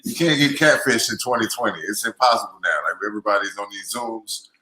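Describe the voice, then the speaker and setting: A man's voice: on the low side, animated, fast, pushed and bright. A man hosting a virtual poetry slam, loose and joking and given to repeating phrases. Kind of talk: casual hosting chat. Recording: echoey room with faint music.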